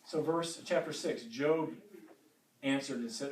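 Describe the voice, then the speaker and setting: Distant, echoey Bible teacher. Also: male voice, medium pitch, unhurried, darkish tone, a little hiss or hum. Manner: conversational, repeats words when restarting. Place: church room. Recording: echoey room from far off.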